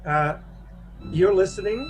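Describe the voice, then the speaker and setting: A man narrating a tabletop horror game as game master on a video call, pausing often with fillers. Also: high-pitched, over music. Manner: halting narration with many fillers.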